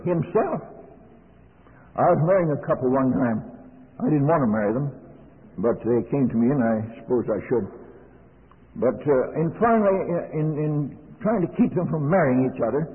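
An older man preaches in a plain, folksy manner, spinning everyday stories into his sermon. His voice sits a little high for a man. It comes through a thin, tinny old recording that rings with the long echo of a large hall. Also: animated, moderate pace. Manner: plain-spoken, folksy storytelling. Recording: lo-fi narrow-band recording in a reverberant hall.

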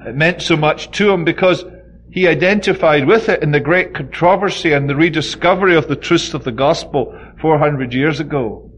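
A man's voice: on the high side, moderate pace, fairly bright tone. A man giving a conversational Bible study, leaning hard on key words and often saying "you know". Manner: informal, frequent "you know", stresses key words emphatically.

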